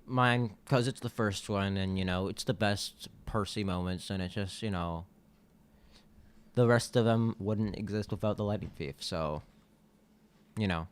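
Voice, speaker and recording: A man's voice: fairly low pitch, a little slow, smooth. A man co-hosting a podcast in casual chat, laid-back and teasing, reading out contact details. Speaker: podcast co-host.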